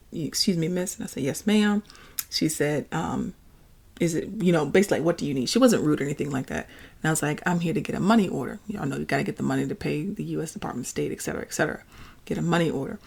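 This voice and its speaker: Chatty woman with a gravelly low voice. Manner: chatty, animated, addresses listeners as y'all. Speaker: podcast host. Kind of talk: casual storytelling monologue.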